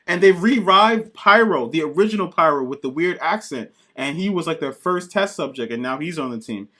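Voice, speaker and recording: Excitable, profane man. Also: a little high. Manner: excited, profane, acts out characters in quick bits. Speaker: podcast co-host. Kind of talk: casual comic review chat.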